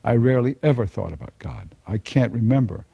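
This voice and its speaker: A man's voice: mid-range voice, sing-song, brisk, vocal fry, warm tone, husky, dry recording, highs cut off. An older man telling a personal conversion story to an audience, folksy and chuckling often. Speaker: speaker giving a personal testimony.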